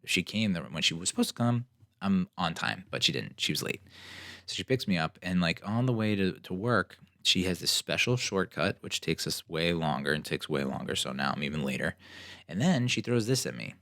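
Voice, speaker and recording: A young man from New Jersey hosting a podcast, telling stories in a casual, animated, sarcastic way and acting out what other people said. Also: low-pitched, moderate pace, no echo, clean studio sound. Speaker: podcast host. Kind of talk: casual solo storytelling.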